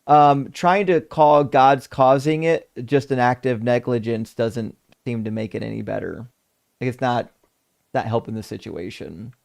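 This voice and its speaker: Gravelly, profane live-stream host. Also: male voice, mid-range voice, measured pace. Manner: animated, profane, sarcastic. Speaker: debate stream host reading super chats. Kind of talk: casual live-stream chat.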